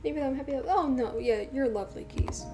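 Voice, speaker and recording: A woman's voice: sits high, brisk, music in the background. A woman streamer talking casually to her live chat in a rambling, chatty way, full of fillers.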